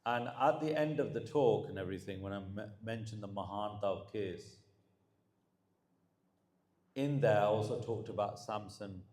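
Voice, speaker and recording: Low-voiced man preaching a religious talk. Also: moderate pace, long pauses, darkish tone, reverberant. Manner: mixes English with Punjabi phrases, grows more emphatic as he preaches. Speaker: Sikh preacher.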